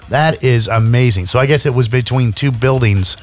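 A man's voice: mid-range voice, moderate pace, soft background music. A man hosting a radio show in casual banter, rambling and stumbling over his words with many fillers. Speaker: radio host.

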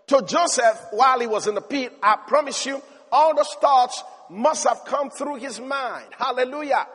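High pitched preacher guy, animated, shouting praise, big echoey hall. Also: normal speed. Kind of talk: sermon. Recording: long reverb of a large hall.

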